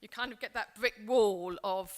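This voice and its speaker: A woman's voice: mid-range voice, moderate pace, a little mellow. A woman from England presenting a seminar, speaking in an earnest, reflective way with frequent restarts. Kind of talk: seminar talk.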